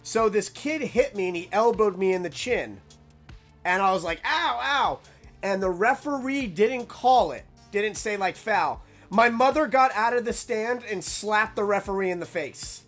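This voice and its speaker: A young man telling a casual, rambling story, animated and full of "like" fillers. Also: high voice, normal speed, faint music behind.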